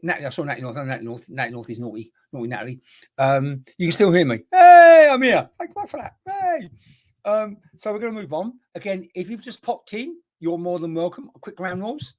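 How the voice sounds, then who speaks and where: A man hosts a live online mediumship evening from home, chatting and exclaiming as he relays messages from spirits. His voice sits a little high for a man and swings up and down with his excitement, and he breaks off now and then to greet viewers. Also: fast.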